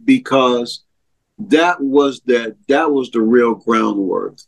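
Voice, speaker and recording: A man's voice: mid-range voice, gravelly. A man telling his personal testimony as an interview guest, earnest and heartfelt. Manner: earnest storyteller, slow and heartfelt. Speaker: interview guest, ministry co-founder.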